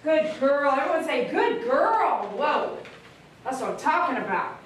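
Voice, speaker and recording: A woman dog groomer who coaxes a dog softly and chats with viewers as she works. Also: sits high, very animated, measured pace, far from the mic, slight background noise. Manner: soothing, coaxing talk to a dog, chatty asides to viewers. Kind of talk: livestreamed grooming with running commentary. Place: grooming room. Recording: echoey room, voice a bit off-mic.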